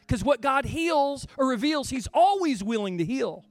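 Passionate high-voiced male preacher. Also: lively intonation, moderate pace, no room sound, soft background music. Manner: passionate preaching, swinging from soft to shouted. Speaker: pastor. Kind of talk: sermon.

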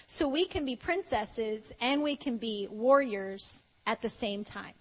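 High-pitched lady preaching at a women's conference, chatty and playful, echoing big hall. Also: a little slow, husky. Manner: playful, conversational, acts out dialogue, frequent laughs. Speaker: conference speaker. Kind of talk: conference sermon. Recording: long hall reverb.

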